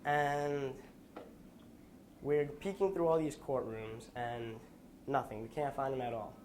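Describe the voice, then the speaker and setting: A young man giving a school presentation, telling a personal story in an earnest, halting way with restarts, sounding tired. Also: medium pitch, fairly even intonation, a little mellow, a little hiss or hum. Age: young adult. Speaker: student presenter.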